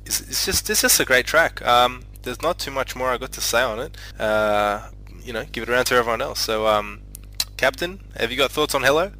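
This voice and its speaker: A man's voice: medium pitch, expressive, brisk, pushed and bright, rough recording. A man hosting a casual music discussion, hesitant and full of fillers as he gives his views and passes the turn on. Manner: hesitant, many fillers and restarts. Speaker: discussion host handing out turns.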